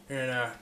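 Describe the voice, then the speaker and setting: A man's voice: mid-range voice, pushed and bright, reverberant, slight background noise. A man rambling through an improvised comic monologue as a mock interviewee, drawling with fillers and laughs.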